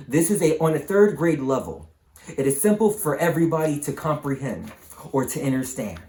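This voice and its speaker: A man's voice: fairly high pitch, roomy sound. A man hosting his channel, delivering an emphatic, repetitive, preaching monologue to the camera. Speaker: channel host.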